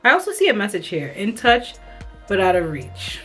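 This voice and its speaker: Excited woman talking to her followers, chatty and upbeat, soft music under her voice. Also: medium pitch, moderate pace. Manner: chatty, enthusiastic, addresses viewers as y'all. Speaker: beauty vlogger. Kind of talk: casual product review.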